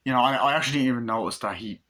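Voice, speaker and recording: A man's voice: mid-range voice, rapid-fire, fairly bright tone. A man reviewing a movie in a casual, rambling recap, full of "like" and quoted lines. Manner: rambling, retells scenes with lots of "like" and quoted lines.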